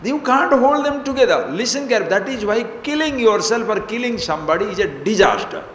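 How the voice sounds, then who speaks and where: A man's voice: sits high, sing-song, a little fast, fairly bright tone. A man giving a spiritual discourse as a teacher, playful and emphatic, prodding listeners with rhetorical questions. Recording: echoey hall with faint noise.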